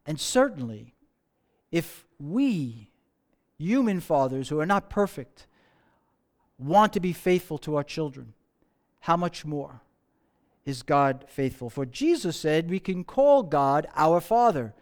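A man preaching a sermon, telling a story with slow dramatic pauses and dropping to soft tones. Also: fairly high pitch, big pitch swings.

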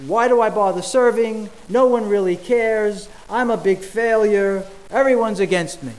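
A man's voice: high-pitched, moderate pace, natural voice, rough recording. A man voicing a despairing, self-pitying male prophet while reading a scripture passage aloud in a sermon.

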